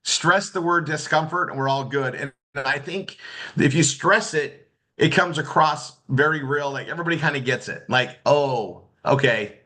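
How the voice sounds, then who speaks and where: A man with a bright, forceful voice coaching students in a loose, off-the-cuff training session. He talks in a rambling way, full of restarts and "you guys" asides. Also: mid-range voice, normal speed. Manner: rambling, many restarts and fillers. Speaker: marketing instructor. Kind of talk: casual training talk.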